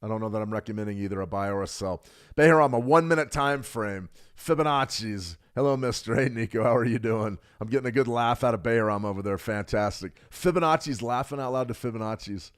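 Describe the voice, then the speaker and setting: A middle-aged man hosting a live trading stream, talking fast and joking with viewers while he reads the chat. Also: mid-range voice, clean tone. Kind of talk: live market analysis, reading chat.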